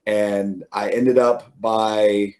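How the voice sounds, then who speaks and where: A man's voice: lowish voice, flat delivery, extremely slow, darkish tone. A middle-aged man, an interview guest, telling stories casually with many fillers and restarts, laughing now and then. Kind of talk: casual storytelling.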